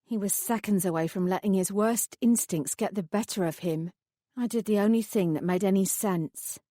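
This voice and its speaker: A woman's voice: mid-range voice, normal speed, warm tone, dry recording, studio quality. Woman narrating an audiobook. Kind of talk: scripted narration.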